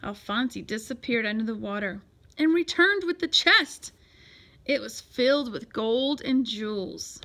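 A woman reads a children's picture book aloud in an expressive storytelling voice. Her tone is bright and sits high, with an animated, swooping melody. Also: measured pace. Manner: expressive and lively.

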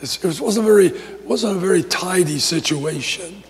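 A male pastor preaching a sermon, telling a story with lively repetitions and restarts. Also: sits high, moderate pace, in a large hall.

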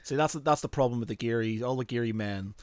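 A man in a casual podcast chat, easygoing and laughing a lot. His pitch is middling for a man. He is recorded close and dry, with no room around him. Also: quick pace, a little mellow, no echo. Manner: laid-back, laughing, says "mate". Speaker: podcast co-host.

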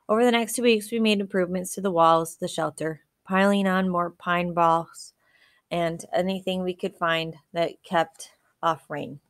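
A woman reading a novel aloud in a steady, even storytelling manner. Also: lowish voice, no echo, clean studio sound. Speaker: audiobook reader.

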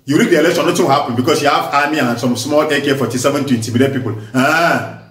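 A man with a Nigerian accent giving impassioned political commentary, forceful and emphatic, hammering points through repetition. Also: medium pitch, steady tone, rapid-fire. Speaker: vlogger. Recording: echoey room, voice distant from mic.

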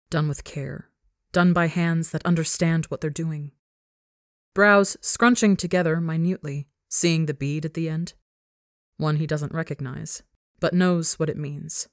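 Low-voiced woman narrating a story. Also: no echo, studio quality. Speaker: podcast narrator.

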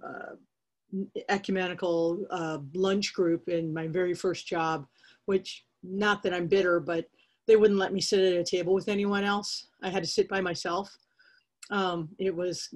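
A woman in a casual church group discussion, candid and anecdotal, with many fillers, heard over a video call. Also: mid-range voice.

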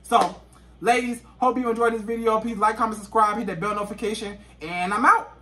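Brief: male relationship vlogger, bright and high, emphatic and repetitive. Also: steady tone, a little fast. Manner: emphatic, repeats points. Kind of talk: casual advice monologue to camera.

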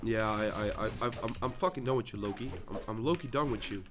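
A man with a Dutch accent commentating his own gameplay, swearing and trash-talking his opponents with sudden yelling bursts. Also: mid-range voice, quick pace, faint music behind. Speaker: gaming channel host.

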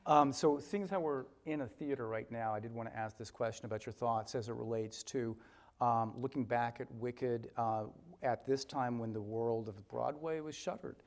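A man's voice: mid-range voice, a little mellow. Man hosting an onstage interview. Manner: brief affirmations, friendly and measured questions. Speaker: interview host. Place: theater stage before a live audience.

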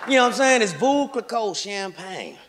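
A middle-aged man doing a brash, profane stand-up comedy set on a live stage, speaking into a handheld mic with loud punchlines. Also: high-pitched, very animated, normal speed. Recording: live show with crowd and noise.

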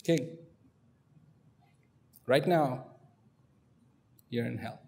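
A man voicing a calm old wise man who speaks quietly and plainly. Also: unhurried, noisy background, lightly acted. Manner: low, quiet and dry. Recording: long hall reverb.

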